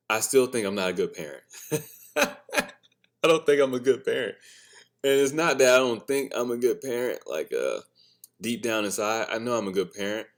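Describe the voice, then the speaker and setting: A man hosting a casual solo podcast, telling candid stories as a father, swearing freely and laughing often at his own remarks. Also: fairly low pitch. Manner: blunt, candid storytelling. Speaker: podcast host; father of a son and a daughter.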